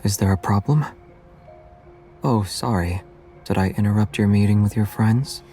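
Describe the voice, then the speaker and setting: An actor playing a calm, gentle young male hunter who speaks softly and breathily, with quiet concern. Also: lowish voice, normal speed, faint music behind, lightly acted. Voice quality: soft, breathy.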